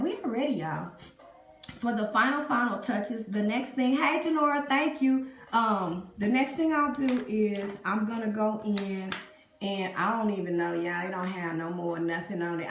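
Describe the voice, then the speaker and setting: A woman's voice: mid-range voice, moderate pace, a bit bright, roomy sound, slight background noise. A woman hosting a live makeup tutorial, chatting with viewers and calling them y'all and honey. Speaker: beauty vlogger. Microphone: phone camera up close.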